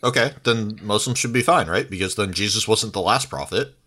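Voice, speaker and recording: A man's voice: fairly low pitch, a little fast, sharp tone, husky. A man bantering in a joking, laid-back way during a casual podcast chat.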